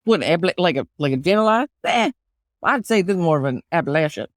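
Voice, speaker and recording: A woman voicing a brash, fast-talking Southern American woman. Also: fairly low pitch, lively intonation, no room sound, clean studio sound, close to an everyday voice. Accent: put-on Southern US.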